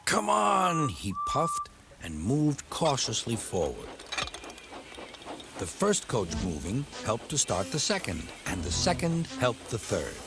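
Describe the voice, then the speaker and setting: Slow, lilting male storyteller over music. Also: fairly low pitch. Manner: gentle and expressive, doing all the voices. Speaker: narrator. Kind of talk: scripted storybook narration. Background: music score.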